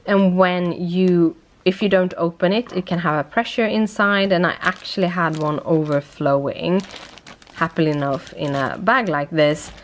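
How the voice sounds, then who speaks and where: A young woman with a somewhat low voice and a light British tinge chats casually at home. She sounds worn out, and she rambles and corrects herself as she talks. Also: fairly even intonation, moderate pace, a little hiss or hum. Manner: rambling, self-correcting, chatty. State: tired. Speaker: vlogger. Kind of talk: casual vlog chat.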